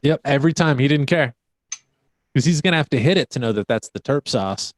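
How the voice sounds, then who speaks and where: A man telling profane, animated anecdotes in casual chat on a live stream. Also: medium pitch, fairly quick. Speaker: show regular, cannabis vendor.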